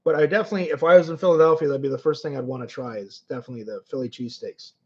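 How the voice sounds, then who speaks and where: Over dull lo-fi stream audio, a man from Canada races through casual chat, reading comments from viewers and rambling through stories with lots of restarts. His voice is medium-pitched with a darkish tone.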